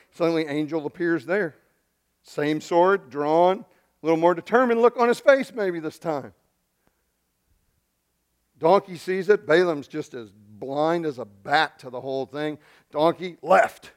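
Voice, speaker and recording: A man preaching a sermon, retelling a scripture story with lively acting and humorous asides. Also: fairly high pitch, smooth. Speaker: pastor.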